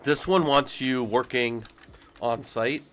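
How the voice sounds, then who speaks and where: A man's voice: medium pitch, slow pace, a bit bright, slight background noise. A man streaming casually, congested from being sick, rambling and swearing as he talks to his chat. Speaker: streamer talking through job requirements.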